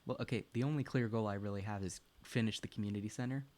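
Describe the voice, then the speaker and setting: A man's voice: on the low side, fast talker, a little mellow. A young man chatting casually while streaming a farming game at home, rambling, swearing often and laughing between thoughts. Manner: talks to a pet and chat while playing. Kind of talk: casual gaming chat.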